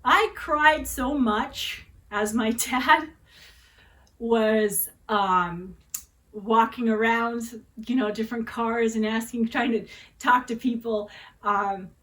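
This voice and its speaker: A woman's voice: fairly high pitch, steady tone, slow, a bit bright, poor audio. A woman in her forties telling a personal story in a dramatic, chatty way, often adding tag questions. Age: 40s. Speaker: vlogger.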